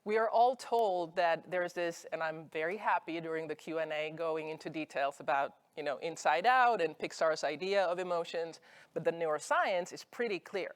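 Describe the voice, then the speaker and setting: A woman's voice: fairly low pitch, normal speed. A woman speaking on stage at an industry event, giving a conversational motivational talk and acting out her own thoughts as examples. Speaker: conference speaker.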